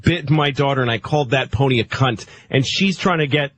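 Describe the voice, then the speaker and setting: A man's voice: mid-range voice, brisk, a bit bright, a little hiss or hum. A man chatting casually on a radio show, telling a profane story with bursts of laughter.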